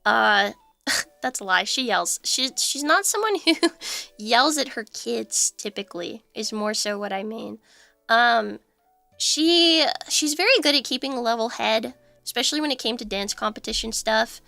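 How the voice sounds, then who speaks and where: A woman's voice: fairly high pitch, expressive, measured pace, creaky, bright, forceful tone, dry recording, soft background music. A young woman streamer chatting casually, telling stories with lots of laughs and fillers. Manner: chatty storyteller who laughs often and fills with "like". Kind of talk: casual livestream chat.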